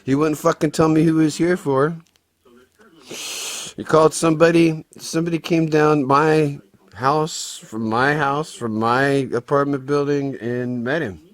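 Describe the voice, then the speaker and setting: A man's voice: on the high side, steady tone, a little slow. A middle-aged man recounting a confrontation in a personal vlog, agitated and swearing often as he retells it. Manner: agitated, profane storytelling. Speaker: vlogger.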